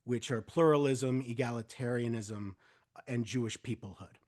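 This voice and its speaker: A man who is a guest rabbi on a podcast interview, speaking in a measured, hesitant way as he weighs his words. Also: medium pitch, a little mellow.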